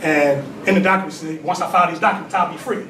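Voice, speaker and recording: A man's voice: fairly high pitch, steady tone, very fast. A man giving a call-and-response religious talk, conversational and full of "right?" tag questions. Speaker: temple leader giving a talk. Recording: echoey distant room recording with noise.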